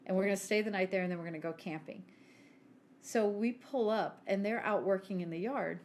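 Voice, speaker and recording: A middle-aged woman shares a family story on a podcast, lively and conversational. She acts out what people said. A faint noise sits under her voice. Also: a little fast. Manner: animated, acts out quoted people with big pitch jumps. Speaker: podcast co-host. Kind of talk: casual storytelling chat.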